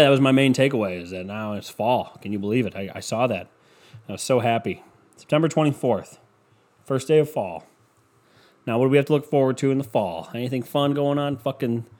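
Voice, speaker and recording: A man's voice: medium pitch, darkish tone. A man hosting a casual solo podcast, rambling and swearing freely, packing his talk with "you know" fillers. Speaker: podcast host.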